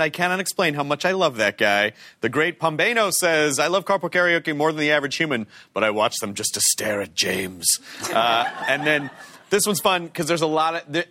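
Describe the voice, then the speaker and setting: A man's voice: a little high, brisk, bright, forceful tone. A man hosting a talk show in front of a studio audience, upbeat and reading out viewer posts. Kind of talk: casual chat.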